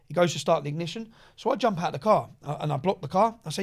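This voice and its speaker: A man, a podcast guest telling a long story in a casual, animated way, often checking in with "yeah?" and "bruv". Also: on the high side, rapid-fire, gravelly, hardly any pauses. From England.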